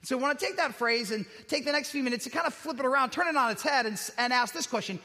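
A man preaches in a conversational way, weaving personal anecdotes and self-deprecating humor into his message. His voice sits unusually high and has a bright, forceful edge. The sound carries a long hall reverb. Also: quick pace. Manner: conversational, self-deprecating storytelling with rhetorical questions. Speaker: pastor. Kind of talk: sermon with personal stories.

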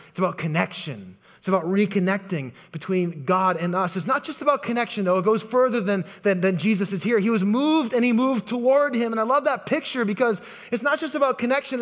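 Casual middle-aged male pastor, very high voice, animated sermon delivery that repeats words as it builds. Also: a little fast, few pauses.

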